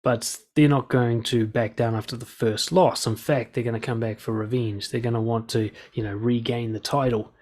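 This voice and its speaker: A man's voice: medium pitch, steady tone, moderate pace, few pauses, darkish tone. A man coaching listeners in a direct advice monologue, blunt and swearing freely, acting out quoted lines. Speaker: dating and confidence coach.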